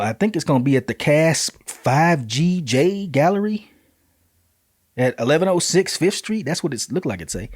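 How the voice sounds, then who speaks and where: A man's voice: mid-range voice, no room sound. Male show host, medium voice, loose read of event flyers with jokey asides, dry close sound. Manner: laid-back, joking asides, reads flyers aloud with slips and corrections. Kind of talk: casual community-events rundown.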